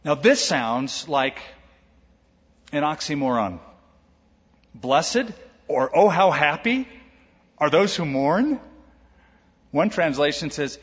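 A man pastor preaching a sermon, lively, acting out quoted voices with humor. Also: fairly high pitch, slow, pauses often, breathy edge. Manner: animated, acts out quoted voices with jokes. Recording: echoey hall, dull lo-fi sound.

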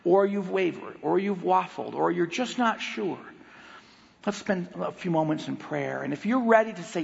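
Guest preacher, male, high-pitched and gravelly, animated storyteller. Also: normal speed. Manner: animated storytelling with acted-out voices. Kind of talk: sermon. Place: church auditorium. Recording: long hall reverb, dull lo-fi sound.

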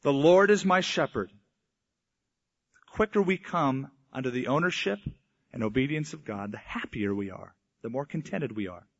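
A man's voice: medium pitch, expressive, measured pace. A man preaching a sermon, telling a story and voicing the people in it, sometimes in mock old English. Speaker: pastor. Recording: dull lo-fi sound.

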